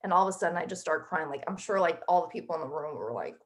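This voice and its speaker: A woman's voice: sits low, animated, rapid-fire. A woman in her thirties, a guest author in an interview, telling a personal story in a chatty, emotional way with many fillers.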